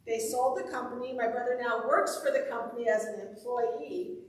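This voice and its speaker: A woman's voice: a little high, normal speed. A woman minister giving a conversational, upbeat sermon full of personal stories. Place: church sanctuary. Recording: echoey hall, voice from far off.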